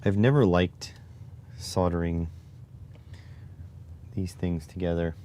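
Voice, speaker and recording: A man's voice: sits low, steady tone, slow, warm tone. A man from Canada chatting casually on a livestream, wry and rambling while he works on a soldering project. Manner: wry, rambling asides while working with his hands. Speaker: livestream host.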